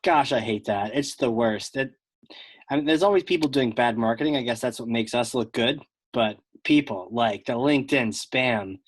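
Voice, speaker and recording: A man hosting a podcast in casual conversation, telling animated stories with plenty of fillers and restarts. His voice sits at an everyday pitch. The sound is dry and close, with no room around it. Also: normal speed, husky, dry recording. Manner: animated storyteller, lots of fillers. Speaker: podcast host.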